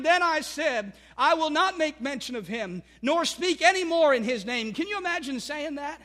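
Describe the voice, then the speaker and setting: A man's voice: very high voice, lively intonation, moderate pace, few pauses, sharp tone. A man preaching a sermon as pastor, building his points through emphatic repeated declarations.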